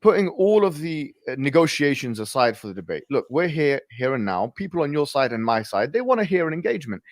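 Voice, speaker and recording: Guy debating hard, keeps cutting in, kinda high voice. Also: very animated, brisk, no echo. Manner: insistent, repeats "look" to interrupt. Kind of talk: heated debate.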